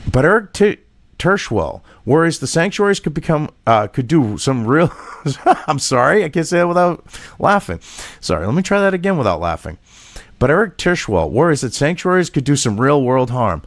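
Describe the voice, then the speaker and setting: Heated, lively-voiced man ranting. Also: on the high side, fairly quick, no room sound, clean studio sound. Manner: heated, profane and sarcastic; reads an article aloud and rebuts it. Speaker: political commentator. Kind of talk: ranting commentary vlog.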